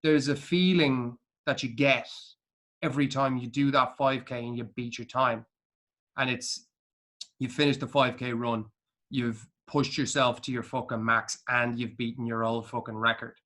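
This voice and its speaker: Irish man, podcast co-host, intense motivational talk, lots of swearing, bright forceful tone. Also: mid-range voice, fairly even intonation, moderate pace. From Ireland. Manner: blunt and profane, heavy swearing. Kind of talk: casual podcast chat.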